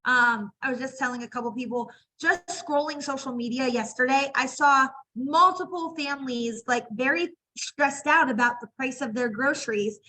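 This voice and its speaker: A woman hosting an interview, talking casually and in an animated way. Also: sits high, normal speed, hardly any pauses, poor audio. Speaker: host.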